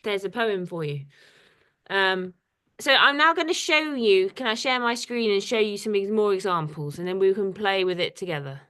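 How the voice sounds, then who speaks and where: A woman's voice: medium pitch, normal speed, pushed and bright, clear, resonant tone. A woman artist leading an informal poetry workshop over a video call, chatty and hesitant, with lots of ums. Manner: chatty, hesitant with many fillers.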